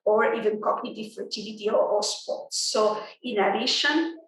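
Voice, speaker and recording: A woman speaking as an industry guest in a business interview, measured, with frequent fillers and restarts. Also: mid-range voice, heavy reverb, far from the mic, poor audio.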